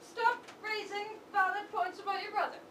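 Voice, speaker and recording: A woman's voice: very high-pitched, steady tone, moderate pace. A woman playing a wry, gin-loving older mother with a voice in an improvised stage comedy, making dry, cutting remarks. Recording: echoey live stage from far off, noisy.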